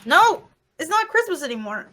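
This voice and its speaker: A woman who is a player in a tabletop game group, giggling and excitable in casual banter. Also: very high voice, moderate pace.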